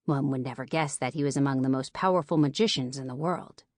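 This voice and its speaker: A woman reads fiction aloud as an audiobook narrator, even and clear. Her voice sits low for a woman, and the sound is dry and close. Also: fast talker, dry recording. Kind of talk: scripted narration.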